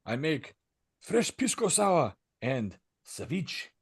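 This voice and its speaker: A man's voice: fairly high pitch, big pitch swings, slow pace, husky, no echo, clean studio sound, voice pushed up, heavily acted. A man voicing his generous neighbor from abroad, in short, friendly phrases.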